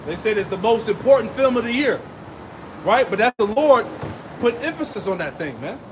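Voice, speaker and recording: A man's voice: sits high, very animated, normal speed, noisy background. A man preaching a street sermon, reading scripture and adding emphatic asides with rhetorical "right?" and "man.".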